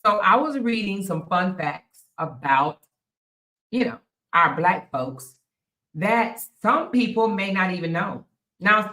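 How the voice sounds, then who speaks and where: A woman's voice: medium pitch, a bit bright. A woman hosting a casual live stream, chatting straight to viewers and laughing often. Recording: echoey room.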